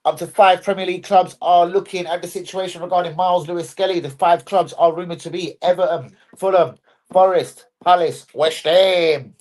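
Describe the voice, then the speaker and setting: A man's voice: high voice, fairly even intonation, moderate pace, a little mellow. A young man hosting a football fan live stream, chatting in a sweary, jokey, rambling way. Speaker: football fan channel host. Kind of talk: casual live-stream chat.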